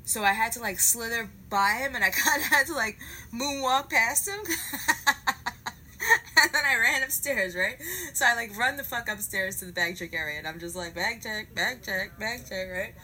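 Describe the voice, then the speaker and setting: A woman telling a comic story in a profane, animated way, acting out each part. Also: a little high, fairly quick, low-quality recording.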